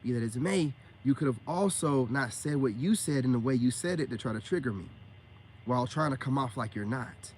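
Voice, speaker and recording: A middle-aged self-styled spiritual coach rants on a livestream, emphatic and slangy, repeating words in bursts. His mid-range voice is brisk and a little mellow, with some hiss or hum in the audio.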